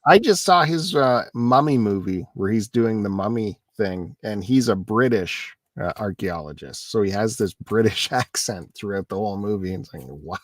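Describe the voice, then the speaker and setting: A man co-hosting a live stream show, talking through his finds in a relaxed, matter-of-fact way. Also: lowish voice, moderate pace, few pauses, dry recording, studio quality. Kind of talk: casual chat.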